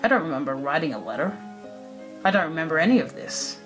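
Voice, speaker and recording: A man narrating a first-person horror story in a measured, dramatic way. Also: a little high, sing-song, rough recording. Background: background music.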